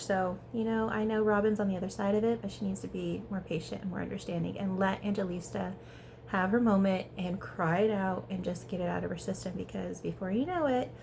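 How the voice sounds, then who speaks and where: A woman giving a casual, chatty recap of a reality show episode, talking fast and peppering her speech with "like". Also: mid-range voice, gravelly, slight background noise. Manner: chatty, animated, heavy use of "like". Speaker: reality TV reviewer.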